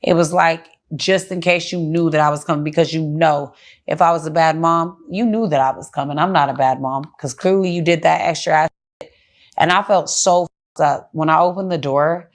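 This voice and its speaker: A woman's voice: sits low, fairly even intonation, moderate pace. A woman guest in a casual interview on a studio couch, speaking bluntly, heatedly and with lots of cursing.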